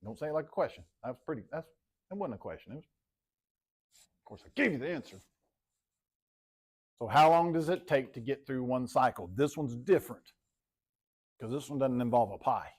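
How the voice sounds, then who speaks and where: A man's voice: mid-range voice, normal speed, pauses often. A man teaching a math class in a classroom, talking casually, calling on students by name and repeating himself. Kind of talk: classroom lecture.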